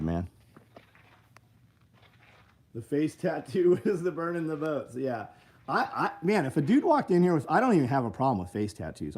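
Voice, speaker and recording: A man's voice: medium pitch, darkish tone. A middle-aged man, hosting a livestream and chatting casually through viewer comments in a blunt, profane, rambling way. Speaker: livestream host.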